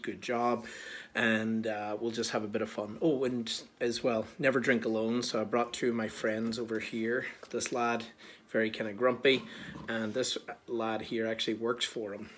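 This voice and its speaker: A man's voice: mid-range voice, slight background noise. Chatty Irish man hosting a tasting. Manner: chatty, joking, relaxed. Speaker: whiskey tasting host. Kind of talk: casual instructional talk. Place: small bar.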